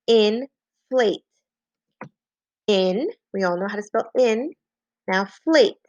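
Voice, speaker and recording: A woman teaching a phonics lesson to young children, slowly and patiently dictating and spelling out words. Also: mid-range voice, a bit bright, no echo. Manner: slow, clear, patient dictation with repeated words.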